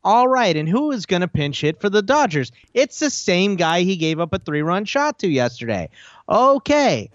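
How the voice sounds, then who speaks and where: A sour baseball announcer calls a lost game with sarcasm and crude jabs, as a podcast host puts him on. His voice sits a bit high and sounds dry and muffled. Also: sing-song, moderate pace, no echo. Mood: sardonic.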